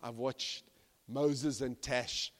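A man preaching a sermon as pastor, swinging from hushed to loud and acting out the people in his stories. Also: mid-range voice, drawn-out words. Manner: animated, swings from hushed to loud, acts out quoted characters. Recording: long reverb of a large hall.

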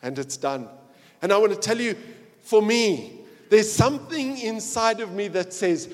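A man with a high voice preaches a sermon, spinning a dramatic story that drops to a hush and then swells loud again. His voice carries a long reverb, as in a big hall or church. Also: lively intonation, measured pace.

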